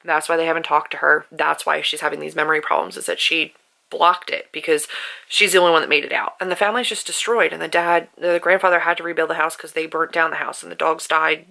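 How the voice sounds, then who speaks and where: A woman's voice: low-pitched, little pitch movement, fast talker, vocal fry, pushed and bright, rough recording. A woman talking casually on her vlog about a book she is rereading, chatty and openly emotional, often saying "like". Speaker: author and book vlogger.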